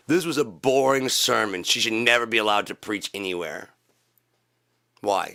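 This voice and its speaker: A man's voice: normal speed, gravelly. Swearing, ranting male vlogger. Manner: swings between loud shouting and low muttering, heavy swearing. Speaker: channel host. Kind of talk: profane political rant to camera.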